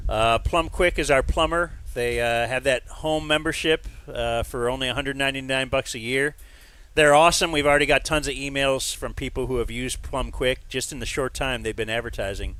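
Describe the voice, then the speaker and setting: A man's voice: sharp tone, smooth. A man co-hosting a sports talk show, bantering and doing upbeat sponsor reads. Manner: upbeat, pitchman delivery for sponsors.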